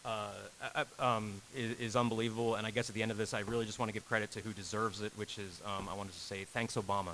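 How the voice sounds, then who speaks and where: A man in his thirties telling an animated story on a convention panel, acting out the quotes with big jumps in pitch and laughing as he goes. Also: fast talker, hardly any pauses, background noise. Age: 30s. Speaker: game director on a convention panel. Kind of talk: animated storytelling to a live audience.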